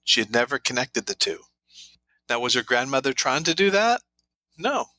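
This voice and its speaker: A man's voice: mid-range voice, big pitch swings, normal speed, pushed and bright, no echo, rough recording. A man guest on an interview show, an author who tells anecdotes full of quoted dialogue. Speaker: guest, trauma therapy author. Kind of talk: storytelling interview talk.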